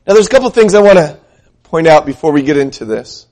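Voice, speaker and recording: A man preaching a sermon, earnest and questioning his listeners, slowing down to read scripture aloud. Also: fairly high pitch, lively intonation, darkish tone. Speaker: pastor.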